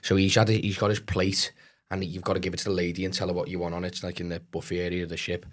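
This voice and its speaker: A comedian from Liverpool with a softened Scouse accent, telling stories in a casual podcast chat, swearing freely and acting out other people's voices. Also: male voice, low voice, fast talker. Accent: Liverpool Scouse, toned down. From Liverpool, England. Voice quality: animated, swears a lot, acts out voices. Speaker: comedian guest.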